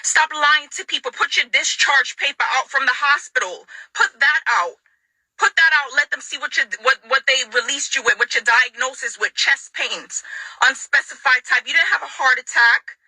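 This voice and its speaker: High bright-voiced angry woman. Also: normal speed, husky, no room sound, low-quality recording. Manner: confrontational, repeating lines for emphasis. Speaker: vlogger addressing her ex. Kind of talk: angry direct-to-camera rant.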